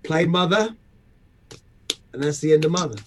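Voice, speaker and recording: Animated high-voiced man telling stories. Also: normal speed, slight background noise. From England. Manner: profane, animated, acts out voices. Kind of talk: casual storytelling chat.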